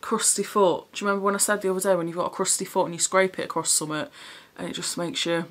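In a lowish voice with fairly even intonation, this fashion vlogger races through a clothing try-on haul. She chats openly, curses a lot, often sounds slightly winded, and repeatedly asks "do you know what I mean."

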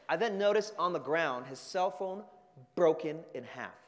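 A man giving an energetic motivational talk to a student leadership conference, telling stories and acting out the voices. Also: high-pitched, normal speed. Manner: energetic storytelling with acted-out voices. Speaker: keynote speaker. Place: large conference hall. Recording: long hall reverb.

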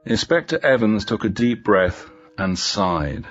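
Low-voiced man reading a story. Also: animated, measured pace, a bit bright, highs cut off, faint music behind. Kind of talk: graded reader story narration.

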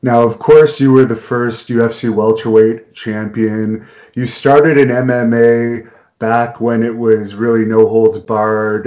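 A man hosting an interview, asking questions in a steady, measured way. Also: lowish voice, roomy sound, dull audio. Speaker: interviewer, host.

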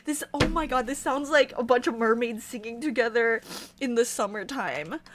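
Gushing high-voiced woman over loud music. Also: normal speed. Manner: gushing, repeated exclamations. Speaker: music video reactor. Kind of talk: excited reaction commentary. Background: loud pop song playing.

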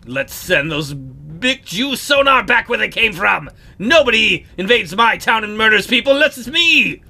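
Man reading a swaggering Viking chief; bright, high, lively. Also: moderate pace, creaky, exaggerated voice. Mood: boastful. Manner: swaggering, emphatic. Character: boastful young Viking chieftain, brash.

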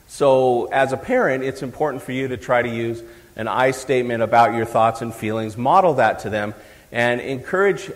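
A middle-aged man giving a live talk on parenting to an audience, chatty and joking with the crowd. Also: medium pitch. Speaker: psychologist speaking at a parenting event. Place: large hall, live event. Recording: long hall reverb.

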